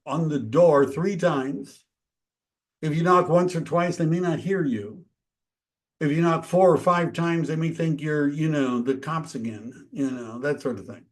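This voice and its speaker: A man teaching a real estate training, talking casually and acting out quick dialogues with homeowners. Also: fairly high pitch. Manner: conversational, acts out dialogues. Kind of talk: training talk.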